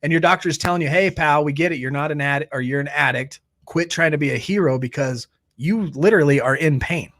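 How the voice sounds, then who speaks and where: A man hosting a live recovery stream in a loose, joking, animated way. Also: a little high, fast talker, few pauses, dry recording, clean studio sound. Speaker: host. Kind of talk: casual live-stream chat.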